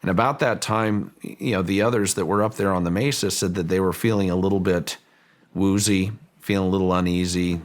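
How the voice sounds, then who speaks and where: A middle-aged man, a property owner, recounting a personal story in an interview, halting and repeating words as he thinks. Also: low-pitched, steady tone.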